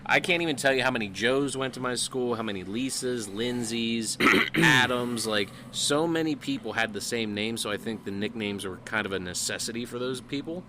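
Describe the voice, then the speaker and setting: Bright-voiced young man with teasing deadpan humor. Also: mid-range voice, normal speed, slight background noise. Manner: dry, teasing deadpan jokes. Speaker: podcast co-host. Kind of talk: casual chat.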